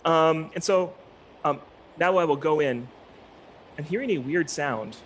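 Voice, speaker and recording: A man's voice: a little high, a little slow, slight background noise. A male linguistics lecturer giving an online talk, explaining step by step with many ums, uhs and restarts.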